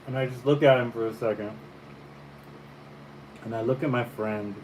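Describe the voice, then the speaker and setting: Relaxed man telling a story. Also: medium pitch, moderate pace, poor audio. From Caribbean. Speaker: painter and vlogger. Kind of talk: casual breakfast vlog chat. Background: faint fan hum.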